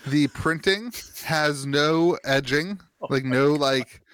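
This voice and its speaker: A man's voice: a little high, slow pace, a bit bright, smooth, no echo. A man co-hosting a podcast in casual chat, rambling through points with many "um"s and restarts. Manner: rambling, full of fillers and restarts. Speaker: podcast co-host.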